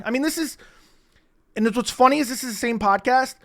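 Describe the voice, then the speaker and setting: A man's voice: high voice, quick pace, a bit bright, a little hiss or hum. A man giving sarcastic, profane reaction commentary on interview clips.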